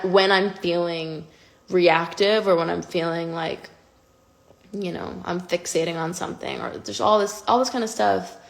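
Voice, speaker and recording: Gravelly young woman rambling on a livestream. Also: fairly low pitch. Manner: rambling, confessional, self-conscious. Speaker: singer livestreaming to fans. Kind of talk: candid livestream chat. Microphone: phone livestream.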